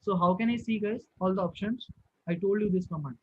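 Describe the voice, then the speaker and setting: A man's voice: high-pitched, fairly quick, darkish tone, slightly rough, no room sound, muffled recording. A man teaching a live online class who keeps asking his students questions and repeating himself. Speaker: instructor. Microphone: video call.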